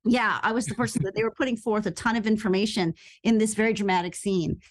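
A woman telling a story as a guest on an interview podcast, lively and quick, acting out the voices of people she quotes. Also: medium pitch. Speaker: actress and radio host guest.

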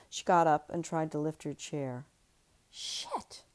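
Low-voiced woman reading her novel. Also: steady tone, takes it slowly. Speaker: author and podcast host.

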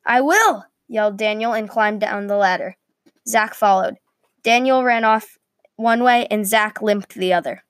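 A woman reading a medieval adventure story aloud, steady with small slips. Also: medium pitch, measured pace, clear, resonant tone, no echo.

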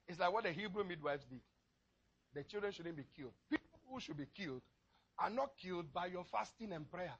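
Male pastor, sermon, impassioned. High, gravelly, animated delivery. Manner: impassioned preaching, swinging from low murmurs to crying shouts.

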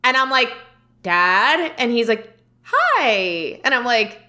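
Bright-voiced woman co-hosting a chatty podcast. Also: a little high, little pitch movement, fairly quick. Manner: chatty storyteller, laughs often. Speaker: podcast co-host. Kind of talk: casual chat.

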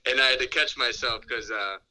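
A man's voice: medium pitch, pushed and bright. A man on a phone call, casually telling a rambling story with laughs and backtracks. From New York. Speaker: phone-in guest. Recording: phone line.

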